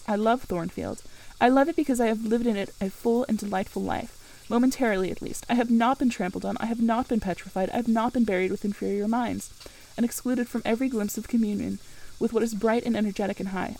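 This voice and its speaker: Impassioned young governess, proud and earnest, read by a woman in a storybook reading, voice a touch high. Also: vocal fry, mellow, poor audio.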